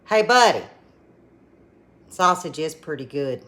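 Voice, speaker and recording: A woman's voice: low voice, expressive, slow pace, fairly bright tone. A woman hosting a casual cooking vlog from her kitchen, folksy and full of exclamations. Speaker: cooking channel host.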